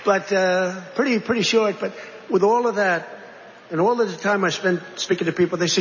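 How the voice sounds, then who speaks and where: A man delivers a loose, digressive speech in a high-pitched voice, circling back to repeat himself and tossing rhetorical questions at the room. The sound is muffled and lo-fi, with a long reverb tail from a large hall and a faint hiss underneath. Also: fairly even intonation, brisk, gravelly. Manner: digressive, repetitive, conversational asides and rhetorical questions. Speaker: politician addressing a crowd. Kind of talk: rambling campaign-style speech. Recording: dull, reverberant hall recording with faint noise.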